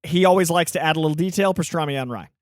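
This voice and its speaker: Fast-talking chatty podcast man. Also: on the high side, dry recording, clean studio sound. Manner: quick, chatty, self-deprecating. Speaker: podcast host and contestant. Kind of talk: casual podcast chat.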